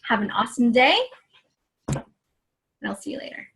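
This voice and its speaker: Chatty, high-voiced young woman. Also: moderate pace, vocal fry, fairly bright tone. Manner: chatty and earnest, acts out her own quotes. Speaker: online fitness coach. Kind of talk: personal story on a live video.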